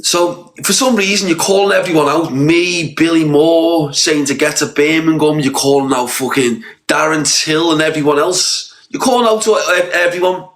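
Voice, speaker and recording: A man's voice: on the high side, normal speed, few pauses, fairly bright tone. A man from Liverpool with a Scouse accent, ranting in a livestream call-out, repeating himself and swearing. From Liverpool, England. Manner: repetitive, confrontational, swearing. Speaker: live streamer.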